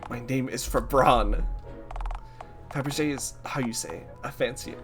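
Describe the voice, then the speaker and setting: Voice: mid-range voice, measured pace, over music, lightly acted. A streamer doing a grumpy French repairman. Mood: haughty. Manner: clumsy mock-French with curses. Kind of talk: playful reading of a game aloud.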